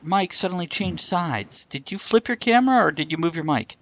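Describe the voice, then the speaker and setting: A man's voice: high-pitched, expressive, brisk. A man hosting a casual show, laid-back and joking, swearing at times. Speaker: host. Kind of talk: casual chat over video call. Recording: muffled lo-fi stream with clear noise.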